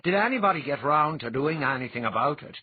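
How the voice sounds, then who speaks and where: A man voicing a blunt, hearty clan chief with a husky voice. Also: on the high side, animated, fast, pitched above the performer's own voice. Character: gruff blunt clan chief, reformed drinker. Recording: dull lo-fi audiobook recording.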